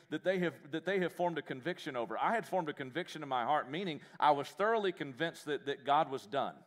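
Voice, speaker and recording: A man preaching a live sermon as pastor in a church, animated and joking, with self-deprecating humor. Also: mid-range voice, in a large hall. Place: church sanctuary.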